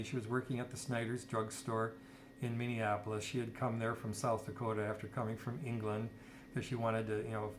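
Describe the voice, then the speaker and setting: Chatty middle-aged man telling a story. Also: on the low side. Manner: rambling, chatty, quotes people in dialogue. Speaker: storyteller sharing personal history. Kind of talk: casual spoken storytelling.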